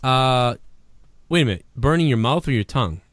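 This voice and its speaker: A man hosting a casual livestream show, rambling and swearing a lot, with a hoarse voice. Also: mid-range voice, moderate pace, dry recording, studio quality. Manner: profane, rambling and animated. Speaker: show host.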